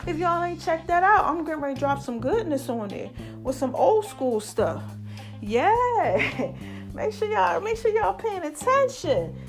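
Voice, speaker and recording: High-voiced chatty woman podcast host. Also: sing-song, measured pace, faint music behind. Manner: chatty, laughs often, calls listeners "baby" and "y'all". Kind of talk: casual solo podcast chat.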